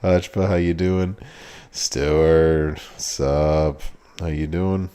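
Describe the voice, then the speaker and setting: A man with a deep, low-pitched voice hosts a relaxed live stream. He chats casually, greets viewers one by one, and laughs easily between remarks. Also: takes it slowly, smooth. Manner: laid-back, greets chat viewers by name, laughs often. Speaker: streamer host.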